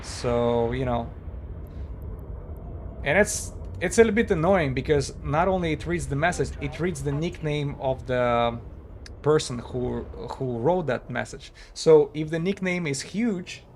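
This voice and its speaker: A man casually talking while he streams a game, halting and chatty, with many fillers and restarts. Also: fairly high pitch, a little mellow, slight background noise. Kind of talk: casual live-stream commentary.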